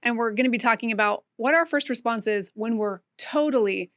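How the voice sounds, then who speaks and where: A woman with a slightly high voice hosts a relaxed church discussion. She sounds upbeat and playful as she steers the conversation. The sound is dry and close, with no room echo. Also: a little fast. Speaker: pastor hosting a sermon discussion. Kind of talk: casual church podcast chat.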